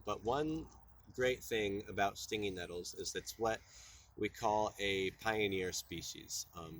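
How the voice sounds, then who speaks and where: A man's voice: on the low side, a little hiss or hum. A man presenting a tutorial outdoors at a plant patch, explaining step by step in an easygoing way. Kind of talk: casual outdoor teaching.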